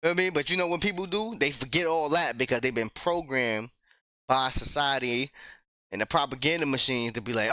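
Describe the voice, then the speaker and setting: A man's voice: medium pitch, a little fast, pushed and bright, no room sound, clean studio sound. A man hosting a reaction video, talking casually and profanely and laughing often.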